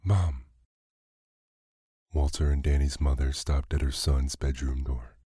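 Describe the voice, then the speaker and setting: Deep husky guy reading a bedtime story, calm and unhurried, dark dry sound. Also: no room sound. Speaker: narrator.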